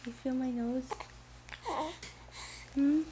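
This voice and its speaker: Slow, high-pitched cooing woman. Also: roomy sound. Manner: cooing, coaxing, questions repeated softly. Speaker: parent talking to a baby. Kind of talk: home video baby talk. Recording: noisy home video recording.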